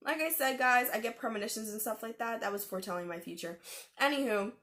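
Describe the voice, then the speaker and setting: A woman's voice: on the high side, quick pace, fairly bright tone. A young adult woman vlogger telling a personal story to camera in a casual, chatty way, full of slang and fillers.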